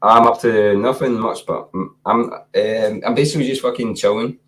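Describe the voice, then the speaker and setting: A man's voice: on the low side, fairly even intonation, moderate pace, a bit bright. A man with a Scottish accent chatting casually as a livestream guest, laid-back and swearing freely. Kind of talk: casual chat.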